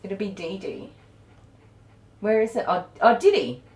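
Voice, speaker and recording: A woman's voice: medium pitch, sing-song, a little slow, a little mellow, distant mic. A middle-aged woman, hosting a casual live stream as a dog groomer, rambling and chatty with many ums and laughs. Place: grooming salon. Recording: roomy, from off the mic.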